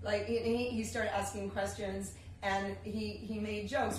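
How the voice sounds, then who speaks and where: A woman's voice: mid-range voice, little pitch movement, unhurried, few pauses, slight background noise. A woman in her thirties performing a chatty, self-deprecating comic monologue on a theater stage, heard on a distant, echoey live recording. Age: 30s. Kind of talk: solo comedy storytelling.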